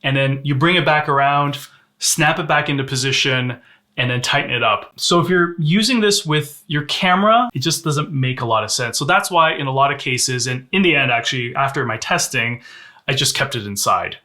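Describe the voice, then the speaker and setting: A man's voice: mid-range voice, moderate pace, sharp tone. A man reviewing a sling bag in a casual, candid way, showing its features as he talks. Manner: conversational, candid, demonstrating gear on camera. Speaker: gear reviewer.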